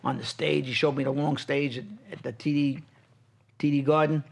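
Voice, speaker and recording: A man in his fifties chatting casually, an animated storyteller who swears freely. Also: a little high, normal speed, creaky. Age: 50s. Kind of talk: casual chat.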